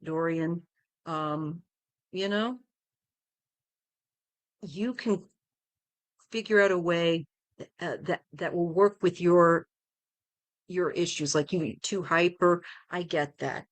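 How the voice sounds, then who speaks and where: A middle-aged woman hosting a live tarot stream, chatting gently and rambling with many fillers. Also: fairly low pitch, slow pace, pauses often, dry recording. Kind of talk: casual live-stream chat.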